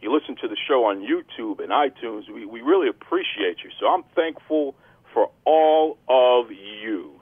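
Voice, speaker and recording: A man's voice: medium pitch, lively intonation, normal speed, breathy edge, no room sound. Male podcast host, hype announcer energy, tinny phone-quality audio. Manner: hype-man announcer delivery. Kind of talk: casual wrestling podcast banter.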